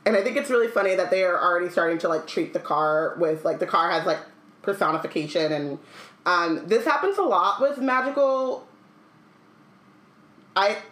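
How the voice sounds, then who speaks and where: A woman's voice: on the low side, moderate pace, fairly bright tone. A woman co-hosting a casual book podcast, reading passages aloud and joking about them. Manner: reads passages aloud, then riffs with loose jokes. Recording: echoey room.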